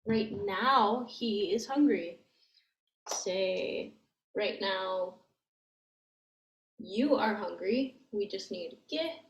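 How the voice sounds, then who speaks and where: A woman's voice: mid-range voice, expressive, extremely slow, pauses often. A woman teaching language grammar, explaining step by step in a patient way and thinking aloud with many fillers. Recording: echoey room with faint noise.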